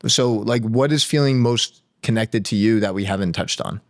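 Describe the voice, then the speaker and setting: A man's voice: fairly low pitch, normal speed, no echo, studio quality. A man hosting a podcast, asking casual, encouraging questions. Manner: casual, encouraging, swears freely. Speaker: podcast host. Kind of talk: interview questions.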